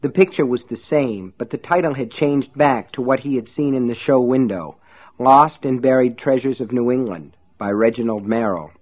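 A man narrating a novel aloud, steady and measured in his storytelling. His voice sits at a middle pitch for a man. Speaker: audiobook narrator. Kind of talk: scripted narration.

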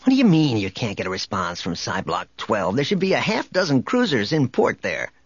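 A man's voice: medium pitch, huge pitch swings, a little fast, husky, no room sound, lo-fi sound, exaggerated voice. A man voicing an impatient male starship captain who speaks curtly and irritably. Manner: curt, irritated.

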